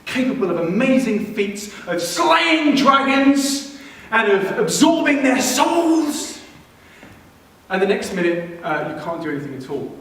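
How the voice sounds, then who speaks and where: A man performing a stand-up comedy set on stage, telling a story and acting out characters in quick bursts. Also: high voice, sing-song, a bit bright. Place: comedy stage before a live audience. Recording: roomy live venue mic, some distance, faint noise.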